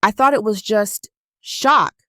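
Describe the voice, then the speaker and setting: A woman voicing a poised, wealthy older mother who speaks softly and quietly condescends. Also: medium pitch, slow pace, dry recording, clean studio sound. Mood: soft concern. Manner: soft, honeyed and quietly condescending.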